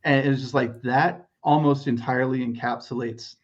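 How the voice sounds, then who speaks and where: Brief: steady male podcast co-host, thoughtful recaps, slightly dull recording. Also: medium pitch. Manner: measured, detailed, paraphrasing scenes. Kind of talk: casual podcast chat.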